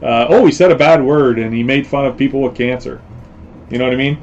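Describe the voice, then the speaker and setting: Rambling live-stream host, slightly muffled. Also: male voice, medium pitch, brisk, a little mellow, a little hiss or hum. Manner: rambling with many fillers and repeated phrases. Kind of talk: casual live-stream chat.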